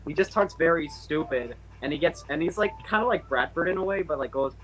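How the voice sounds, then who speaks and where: Rambling young man, slightly high voice. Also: brisk, fairly bright tone, low-quality recording. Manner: rambling, many fillers and restarts. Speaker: channel host. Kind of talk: casual group call chat.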